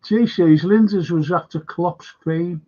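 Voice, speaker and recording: An older man hosting a casual chat, talking haltingly with many fillers and restarts. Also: high-pitched, mellow. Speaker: host. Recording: dull lo-fi sound.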